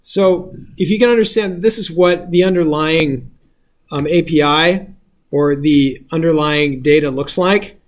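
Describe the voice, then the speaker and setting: A man's voice: fairly high pitch, a little slow. A male instructor giving a casual lecture, explaining step by step and often checking if the class follows.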